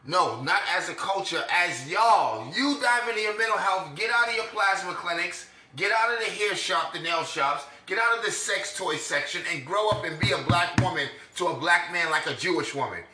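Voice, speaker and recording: A man's voice: high voice, lively intonation, normal speed, hardly any pauses, reverberant, loud music behind the voice. A man giving a scornful, preachy rant as he reacts to clips for his viewers. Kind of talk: ranting video commentary.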